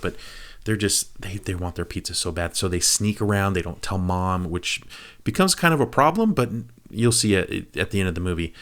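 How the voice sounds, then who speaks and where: A man giving a casual movie review, retelling the plot in an animated way with quick asides to the viewer. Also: deep voice. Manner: animated storytelling, quick asides to the viewer, acts out quoted lines.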